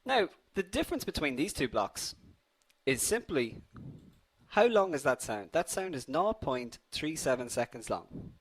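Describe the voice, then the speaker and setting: A man's voice: fairly high pitch, big pitch swings, unhurried. A young man hosting a live online coding tutorial, upbeat and chatty, addressing viewers as guys while a slight cold affects his voice.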